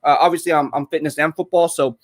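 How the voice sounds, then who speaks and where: A man's voice: a little high, steady tone, fast. A young man chatting casually on a live stream while eating, rambling and reading viewer comments aloud.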